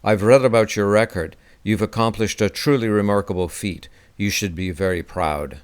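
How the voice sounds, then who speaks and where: A man's voice: fairly low pitch, normal speed, clear, resonant tone, close to an everyday voice. Man doing a stern old golfer with a burr. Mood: respectful. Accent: slight Scottish burr. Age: 80s. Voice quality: strong voice. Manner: formal, courteous. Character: stern elderly golf teacher, strong-voiced.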